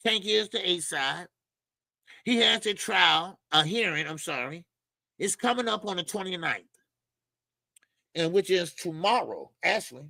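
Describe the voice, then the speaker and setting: A man's voice: high voice, animated, measured pace, creaky, long pauses, pushed and bright, dry recording. A middle-aged man hosting a boxing channel, talking in a casual, rambling way with lots of slang, fillers and repeated words.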